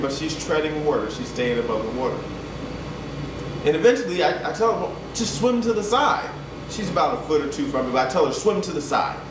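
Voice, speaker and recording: Motivational man in an echoey room. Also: a little high. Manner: storytelling, repeats himself, builds to urgent appeals. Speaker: fitness coach. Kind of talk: motivational talk. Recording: echoey room, voice from a distance, background hum.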